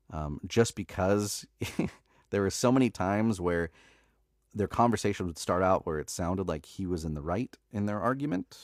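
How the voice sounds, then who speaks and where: A man's voice: low-pitched, vocal fry, dry recording, clean studio sound. A man who narrates audiobooks, chatting casually on a live stream in a laid-back way, with lots of filler words and easy laughs.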